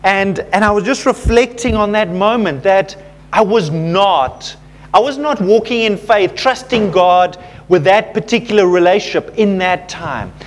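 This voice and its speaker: A man with a notably high voice delivers a sermon to a congregation. He talks casually, with plenty of fillers, and turns personal stories into gentle lessons. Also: a little slow. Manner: conversational, self-deprecating storytelling with fillers. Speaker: pastor.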